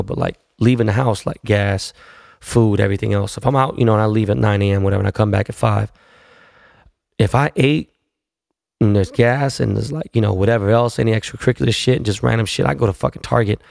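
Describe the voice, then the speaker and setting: A man's voice: on the low side, steady tone, fast, gravelly, darkish tone, no echo, studio quality. A man, hosting a casual solo podcast and telling stories in a profane, laid-back way full of slang. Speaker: podcast host.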